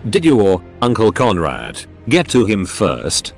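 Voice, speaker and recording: A man's voice: lowish voice, wildly swooping pitch, unhurried, soft background music. A synthetic male voice reading the lines of a weak, bedridden young woman without changing voice.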